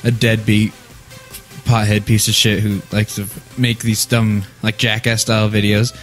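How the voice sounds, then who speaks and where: A man's voice: lowish voice, little pitch movement, a little slow. Young man, podcast co-host, casual chat, giggly, joking, faint music behind. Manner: giggly, joking recounter of shows.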